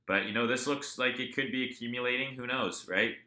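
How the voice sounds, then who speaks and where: A man's voice: mid-range voice, fairly quick, reverberant. A man hosting a live crypto trading stream, chatting casually and telling stories with a lot of swearing. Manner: profane, animated storyteller.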